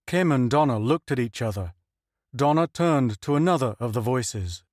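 A man narrating a science fiction audiobook in measured scripted storytelling. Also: medium pitch, expressive, a little mellow, no echo, studio quality.

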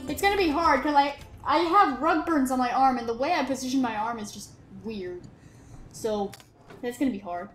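A woman's voice: high voice, normal speed, roomy sound. A woman chatting in a self-mocking, giggly way as she plays a video game, commenting on the game. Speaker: gamer. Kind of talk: let's play commentary.

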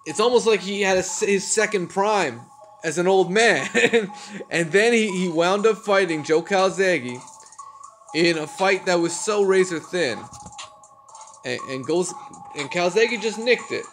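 A man's voice: high-pitched, measured pace, fairly bright tone, faint music behind. A man giving casual boxing news commentary, ranting in a profane, exasperated way and laughing between points.

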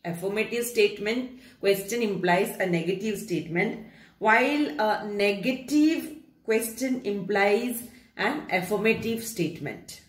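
A woman teaching a grammar lesson to students, explaining rules patiently, repeating key phrases and slowing down to read out examples. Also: medium pitch. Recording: echoey room.

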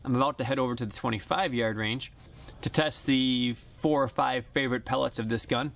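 A man's voice: medium pitch, steady tone, brisk, creaky, a bit bright. A man giving a casual, joking review at an outdoor shooting range. He speaks plainly, recorded on a directional mic mounted on the camera. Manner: chatty and joking, plain-spoken. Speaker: airgun reviewer. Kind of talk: casual product review vlog. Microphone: camera-mounted directional shotgun mic.

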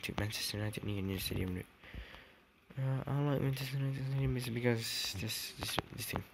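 A man's voice: medium pitch, a little fast, gravelly. A young man giving a rambling, self-correcting walkthrough of a game build, saying "dude" often. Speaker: gaming vlogger. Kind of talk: casual game walkthrough commentary. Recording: noisy background hiss with clicks.

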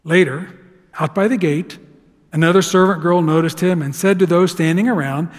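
Male pastor, high voice, preaching in a church with long reverb; dramatic swings between loud and hushed. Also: normal speed. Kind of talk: sermon. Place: church sanctuary.

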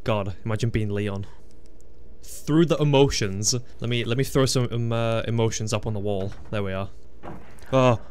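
A young man hosts a video with casual gameplay commentary, excitable and sweary, laughing often and yelping when something surprises him. His voice is lowish at normal speed, with slight background noise.

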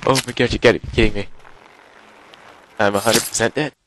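A man giving live, excitable commentary while playing a game, exclaiming and gasping often, recorded on a headset. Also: fairly low pitch, a little fast, background noise. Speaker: gaming video host.

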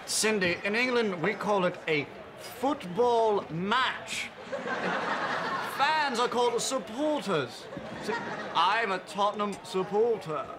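A man's voice: very high voice, huge pitch swings, measured pace, a crowd in the background, exaggerated voice. A man playing a smarmy young man who pretends to be an English football fan. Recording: noisy recording.

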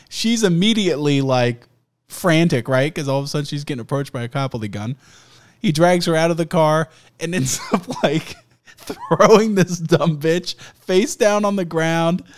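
A man's voice: on the high side, measured pace. Guy on a podcast swearing and cracking up, retelling stuff with little voices. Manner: profane, laughing, acts out quoted voices. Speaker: podcast host. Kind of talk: casual storytelling chat.

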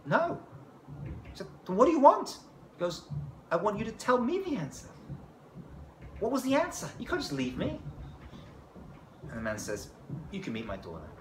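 Animated rabbi telling a story in a roomy hall. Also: male voice, mid-range voice. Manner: animated, joking asides, asks the audience "right?". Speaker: rabbi teaching a class. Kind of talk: lively storytelling lecture. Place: class room with a live audience. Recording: echoey room with background noise.

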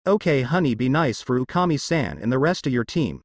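Man doing a loud, doting dragon mom with a hot temper, lively lilt, dry close sound. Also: a little fast, dry recording. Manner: booming, then gushing.

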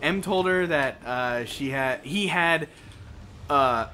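A man's voice: medium pitch, takes it slowly, pushed and bright, slight background noise. A young man casually commentating a video game as host, swearing often and laughing and yelping at what happens on screen. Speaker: let's play host.

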